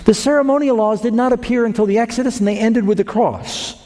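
A man preaching with earnest, emphatic swells, pausing between phrases for weight. His voice is mellow and dark. It rings with a long hall reverb. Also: extremely high pitch. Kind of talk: sermon.

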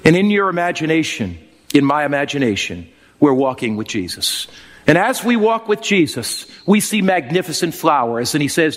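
A male pastor delivers a sermon in an earnest, reverent tone that swells with emotion. His voice sits a little high. The recording carries a long hall reverb. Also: very animated, normal speed.

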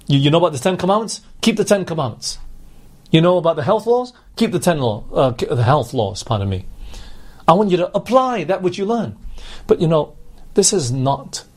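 A man's voice: on the high side, big pitch swings, fairly quick, slightly rough. A man preaching a sermon, earnestly putting questions to his congregation.

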